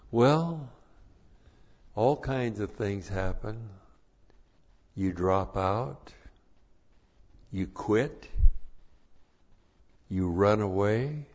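A man preaching a sermon, slow and deliberate, repeating his numbered points for emphasis. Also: fairly low pitch, a little mellow, dull audio.

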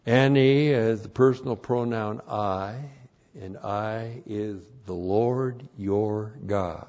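A man teaching a sermon as a pastor, working slowly through Hebrew words and spelling them out letter by letter, and growing emphatic at times. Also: lowish voice. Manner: builds to emphatic, louder passages. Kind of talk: Bible teaching sermon with Hebrew word study. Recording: dull lo-fi sermon recording.

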